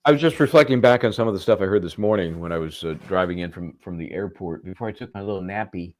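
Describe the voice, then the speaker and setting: A man's voice: deep voice, quick pace, darkish tone. A man giving live legal commentary in a sarcastic, conversational way.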